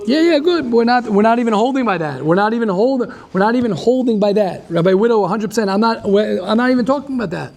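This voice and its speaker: A man who is a rabbi giving a lively class, repeating himself and restarting often as he talks with the audience. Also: high voice, fast talker, vocal fry, few pauses.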